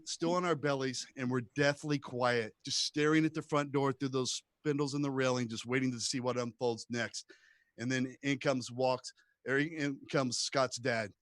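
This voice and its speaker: A male comedian from the rural United States telling a long story stand-up style, acting out the shouted quotes. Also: mid-range voice, dry recording. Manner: animated storyteller who acts out shouted quotes.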